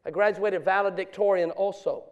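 A middle-aged man preaching from the pulpit, his voice pitched high. He tells his story in low, hushed tones, then builds into loud, impassioned calls to the congregation. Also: steady tone, moderate pace, muffled recording. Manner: swings from quiet confessional storytelling to loud preaching. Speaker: pastor. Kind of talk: sermon.

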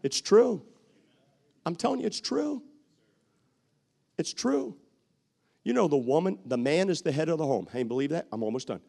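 A man preaching a sermon, bantering with the congregation, repeating phrases for emphasis and sometimes shouting. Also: on the high side, expressive, normal speed, vocal fry, pauses often.

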